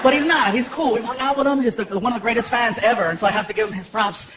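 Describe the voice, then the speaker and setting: A man doing stand-up comedy on a live stage, telling stories in an animated, playful way. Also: very high voice, quick pace, heavy background noise. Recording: live show, loud crowd laughter.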